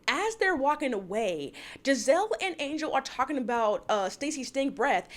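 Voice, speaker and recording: A woman giving a casual, gossipy recap of a reality TV episode, acting out the cast's lines and laughing often. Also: a little high. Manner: animated, gossipy, quotes cast members in voices, laughs often.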